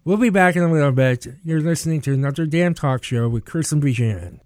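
Guy hosting a talk show, cussing and blunt, smooth clear voice, dry sound. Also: on the high side, a little fast, a little mellow, no echo. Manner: blunt, profane, emphatic. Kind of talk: casual podcast chat.

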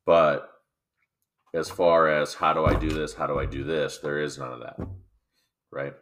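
A man's voice: rumbling low, flat delivery, measured pace, a bit bright. A man in his thirties co-hosting a casual chat, telling profane work stories and acting out his coworkers. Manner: profane storytelling, acts out quoted coworkers. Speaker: podcast co-host.

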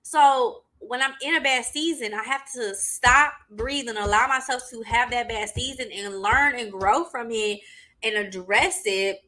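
Emphatic woman with bright, forceful voice. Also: on the high side, a little slow. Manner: emphatic, repetitive, conversational with frequent "okay?" and "y'all". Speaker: podcast host and mental health business owner. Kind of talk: casual solo podcast talk.

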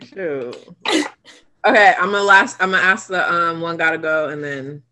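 A woman co-hosting a casual podcast, laid-back and teasing. Her voice is bright, with a faint hiss behind it. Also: on the low side, moderate pace. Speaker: podcast co-host. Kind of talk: casual chat.

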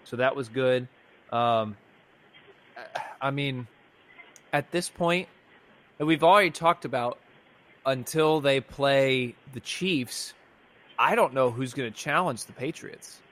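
A man's voice: mid-range voice, slow pace, long pauses, fairly bright tone. A man co-hosting a casual sports fan reaction podcast, rambling and exasperated, with frequent restarts. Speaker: podcast co-host.

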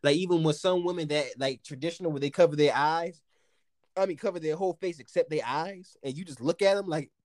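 A man from the United States hosting a casual podcast chat, telling stories in an animated way with lots of slang and swearing and acting out what people said. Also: a little high, brisk, dry recording. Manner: animated storytelling, heavy slang and swearing, acts out quotes. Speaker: podcast host.

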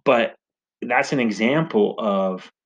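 A man with a somewhat low voice tells a personal story in a loose, conversational way. He leans on "you know" and tags "right?" onto his points. The recording sounds dull and a bit lo-fi. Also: takes it slowly. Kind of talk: casual storytelling talk.

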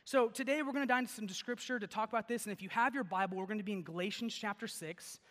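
In a church sanctuary, a young male pastor with a high, bright voice gives a laid-back sermon built on personal stories. He talks fast, chatty and animated, rambling and peppering everything with "like" and "okay?", while the large hall adds long reverb.

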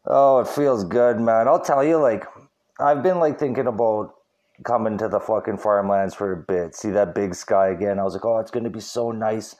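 A man's voice: fairly low pitch, moderate pace, a little mellow. A young man from Saskatchewan telling a road-trip story as a podcast host, rambling and swearing, with "dude" in nearly every sentence. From Saskatchewan, Canada. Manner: profane, rambling, says "dude" constantly.

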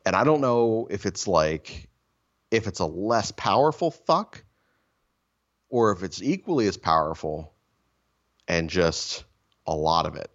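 Deep-voiced man telling profane rambling stories. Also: big pitch swings, measured pace, pauses often, dull audio. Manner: profane, rambling, self-mocking storytelling. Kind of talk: casual storytelling chat.

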